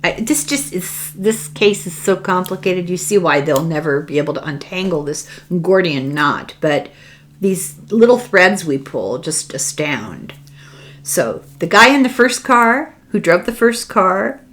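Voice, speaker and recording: An older woman with an Irish accent, hosting a podcast and retelling a book in a casual, wry, conspiratorial way. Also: on the low side. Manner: animated, wry, conspiratorial storytelling. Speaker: podcast host discussing a book. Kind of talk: casual chat.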